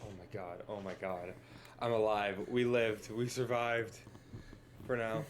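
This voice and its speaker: Low-voiced guy playing a tabletop game, keeps yelling oh my god, clear keyboard clatter in the back. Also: measured pace, slight background noise. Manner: excitable, exclaiming. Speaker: player. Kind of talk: casual tabletop game play.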